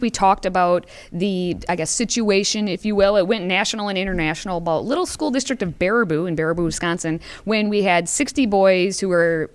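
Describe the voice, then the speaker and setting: A woman co-hosting a podcast, recapping news stories in a measured way and reading out quotes. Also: medium pitch, smooth, no echo. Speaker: podcast co-host.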